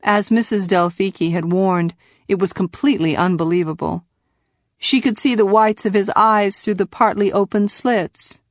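A woman narrating a novel in scripted, measured storytelling from a quiet booth. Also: mid-range voice, no room sound, clean studio sound. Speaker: audiobook narrator.

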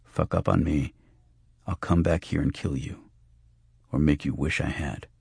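A man's voice: very deep voice, steady tone, a little slow, creaky, a little mellow, breathy edge, dry recording, clean studio sound, heavily acted. A man voicing a hard, threatening male fixer in a clipped, menacing tone in an audiobook.

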